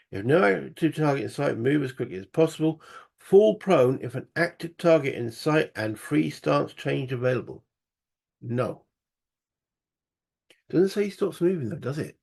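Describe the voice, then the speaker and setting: A man's voice: mid-range voice, animated, normal speed, vocal fry, a little mellow, husky. A man playing a solo board game, muttering rule passages aloud and thinking through each move. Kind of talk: casual solo wargame playthrough.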